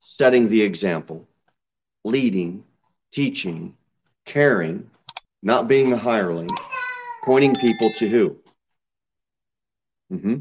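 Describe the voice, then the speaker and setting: A man preaching a sermon in a church, reading scripture aloud and building to emphatic, loud, high peaks. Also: lively intonation, slow, long pauses, a little hiss or hum. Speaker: pastor. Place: church sanctuary. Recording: slightly dull church recording.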